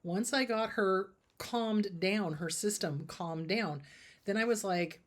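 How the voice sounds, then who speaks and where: A middle-aged woman therapist answering viewer questions in a casual, animated way, acting out the dialogue she quotes. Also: fairly low pitch, moderate pace. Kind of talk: casual advice talk.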